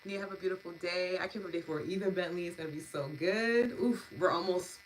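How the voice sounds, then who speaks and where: A woman's voice: fairly low pitch, steady tone, rapid-fire, poor audio. A woman hosting a live EFT and meditation stream. She thanks viewers by name, laughs often and gushes as she reads their comments. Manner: warm, gushing, laughs often, lots of fillers. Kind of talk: live-stream wrap-up, reading chat comments.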